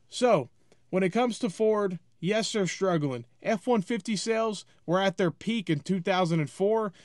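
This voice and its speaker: Brief: man, higher voice, dry close recording, exasperated casual rant. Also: animated, a little slow, darkish tone, no room sound. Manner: exasperated, blunt, repeats "it is what it is". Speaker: automotive commentator. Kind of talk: casual opinion rant to camera.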